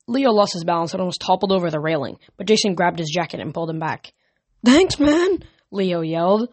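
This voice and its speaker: A man reading a novel aloud as an amateur audiobook, steady with small slips. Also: on the high side, fast talker, no room sound. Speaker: reader.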